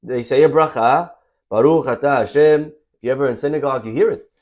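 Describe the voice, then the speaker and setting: Man teaching an animated Torah class. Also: medium pitch, fast talker. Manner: animated, addresses listeners as "my friends"; reads Hebrew verses aloud and translates them. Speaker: rabbi.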